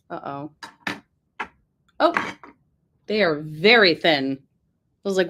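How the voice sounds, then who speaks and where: Young woman, chatty, unhurried, reacts aloud, casual home vlog. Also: on the low side, lively intonation, fairly bright tone, slight background noise. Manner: chatty, reacts aloud, wanders into side tangents. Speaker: vlogger assembling a model. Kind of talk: casual chat while building.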